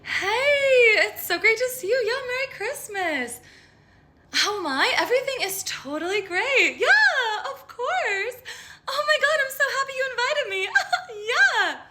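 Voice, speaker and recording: A woman voicing a falsely cheerful woman at a holiday party, gushing and over-bright. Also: extremely high pitch, big pitch swings, unhurried, voice pushed up, exaggerated voice. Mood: fake cheerful.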